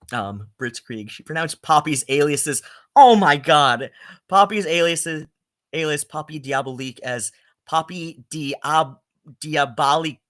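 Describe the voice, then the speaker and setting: A man streaming rambling, sarcastic commentary, halting on constant ums and likes. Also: medium pitch, pushed and bright. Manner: filler-heavy, halting, with many ums and likes; sarcastic and exasperated.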